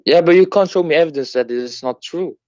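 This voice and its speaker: A man calling into a debate, talking in a hesitant, defensive way with halting restarts. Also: fairly high pitch, a little mellow, dry recording, highs cut off. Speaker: caller in a debate. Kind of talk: casual debate.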